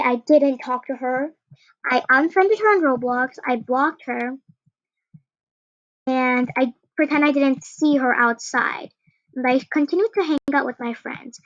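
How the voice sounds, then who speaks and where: A woman's voice: sits high, dry recording, highs cut off. A teenage girl telling a rambling storytime, full of "like" and restarts. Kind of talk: casual storytime.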